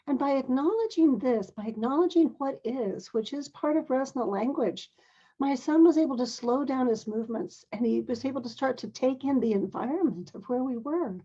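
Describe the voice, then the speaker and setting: Gentle, husky older woman telling a story. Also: high voice, highs cut off. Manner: gentle, earnest, measured, with occasional throat clearing. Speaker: parent sharing a personal story. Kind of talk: reflective personal storytelling.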